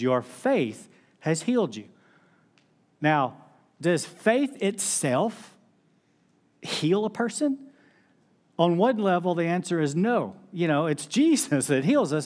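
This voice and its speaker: A man's voice: fairly high pitch, a little mellow. A middle-aged male pastor, preaching a sermon in a conversational storytelling way. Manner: conversational storytelling with laughs and acted-out quotes.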